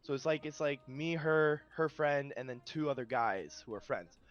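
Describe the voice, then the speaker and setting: A man in casual chat, telling a story in a relaxed, dry way and mimicking the people in it. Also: fairly high pitch, moderate pace, highs cut off.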